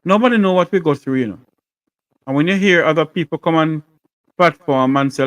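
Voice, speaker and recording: A man hosting a call-in show. He addresses his listeners directly and plainly, in a fairly high voice. The sound is dry and close. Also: a bit bright, no echo. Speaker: talk show host.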